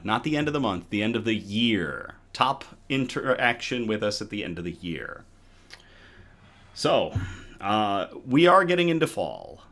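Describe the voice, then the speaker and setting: Upbeat male live-stream host, low-pitched and animated, talking casually at home while still catching his breath. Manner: chatty and upbeat, with chuckles and restarts. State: a little out of breath. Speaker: host of a good-news live show.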